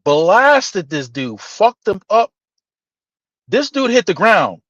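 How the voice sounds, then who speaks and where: A man telling a story in casual podcast chat, animated and profane, acting out the dialogue. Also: high-pitched, slow pace, no echo. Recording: dull, slightly lo-fi dry sound.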